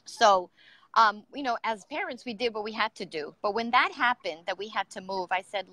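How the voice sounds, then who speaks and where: Middle-aged woman guest, earnest and emotional, bright tense tone, dry mic. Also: medium pitch, lively intonation, moderate pace, dry recording. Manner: earnest and emotional, many fillers. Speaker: guest entrepreneur. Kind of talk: personal story in an interview.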